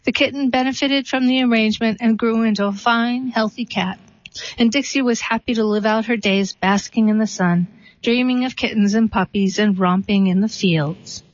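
A woman reading a short story and a poem aloud in a steady, unhurried way. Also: fairly high pitch, no echo. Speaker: reader. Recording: dull, slightly lo-fi dry recording.

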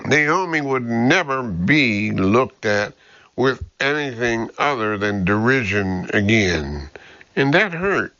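A man reading a novel aloud as audiobook narrator in slow, even storytelling. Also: mid-range voice, dry recording. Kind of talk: scripted narration. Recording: dull dry lo-fi audio.

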